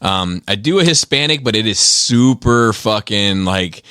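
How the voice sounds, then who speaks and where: A man's voice: on the low side, animated, measured pace, sharp tone, smooth, no room sound, studio quality. Rambling, laughing podcast host, man. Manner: rambling, laughs often, full of restarts. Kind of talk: casual podcast banter.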